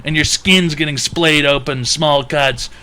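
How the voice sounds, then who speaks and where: A man's voice: fairly high pitch, steady tone, unhurried, bright, forceful tone, a little hiss or hum. A man hosting a livestream advice show, mocking his chat in a crude, rambling comedic rant.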